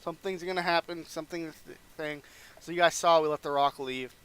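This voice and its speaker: A man's voice: fairly high pitch, fairly even intonation, a little fast, a bit bright, clean tone. A young man casually narrating a wrestling management game playthrough, rambling and acting out characters' lines. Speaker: gaming channel host.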